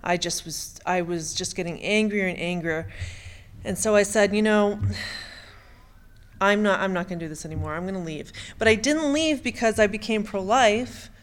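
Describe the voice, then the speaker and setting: Halting middle-aged woman telling her story. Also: medium pitch. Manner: halting, with frequent stammered restarts. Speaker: speaker giving personal testimony. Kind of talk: emotional personal testimony.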